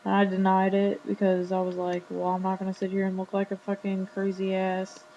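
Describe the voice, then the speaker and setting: A woman's voice: medium pitch, monotone, a little fast, warm tone. A teenage girl casually retelling a conversation in a vlog, full of "like" and quoted back-and-forth. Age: teens. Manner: chatty, retelling a conversation with lots of "like". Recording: dull lo-fi webcam audio with faint hum.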